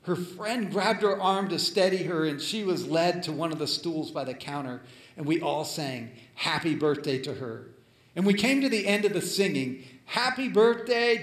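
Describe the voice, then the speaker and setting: A male preacher telling a story in a sermon, dramatic and swinging between loud and hushed. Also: on the high side. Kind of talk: sermon storytelling, reading a letter aloud. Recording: echoey room.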